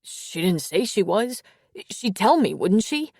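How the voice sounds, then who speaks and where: A woman's voice: mid-range voice, big pitch swings, slow, a little mellow, husky, no room sound, studio quality, exaggerated voice. A woman voicing a seventeen-year-old boy who stammers and speaks frantically. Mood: panicked.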